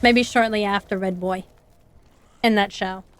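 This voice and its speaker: A woman's voice: medium pitch, steady tone, measured pace, faint music behind. A young woman with an Appalachian accent, chatting casually and rambling while streaming a game, laughing often. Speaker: VTuber streamer.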